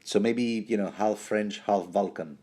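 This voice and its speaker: A man hosting a rambling book commentary in a fairly low voice, talking slowly and unhurriedly. He jokes his way along, stumbling and restarting his sentences. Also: mellow.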